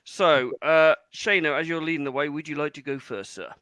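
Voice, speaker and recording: A man's voice: fairly high pitch, steady tone, fairly quick, bright, forceful tone, clean tone, dry recording. A British man hosting a podcast, chatting easily and running the segments. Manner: easygoing, chatty, runs the segments. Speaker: podcast host. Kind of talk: casual chat.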